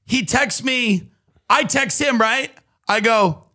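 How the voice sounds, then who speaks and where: A man's voice: very high voice, slow, pushed and bright. A man in his thirties hosting a podcast, chatting casually and telling stories animatedly, reading text messages aloud with laughter. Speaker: podcast host. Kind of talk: casual comedic chat.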